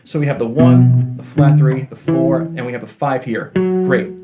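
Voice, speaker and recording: Faint guitar can be heard behind a guitar teacher who jokes around and pokes fun at himself during a laid-back lesson. He talks at a normal speed in a steady, mid-range voice.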